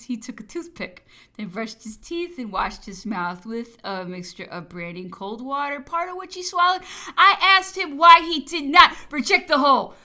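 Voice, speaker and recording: A woman narrating a historical memoir as an audiobook, in a measured, formal storytelling manner. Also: medium pitch, pushed and bright. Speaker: audiobook reader.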